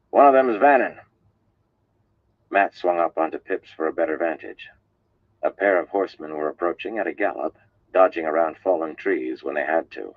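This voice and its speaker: A man reading a fantasy novel aloud on a live stream, in a measured, unhurried storytelling manner. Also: a bass voice, breathy edge, no room sound. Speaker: audiobook reader. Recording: dull lo-fi stream audio.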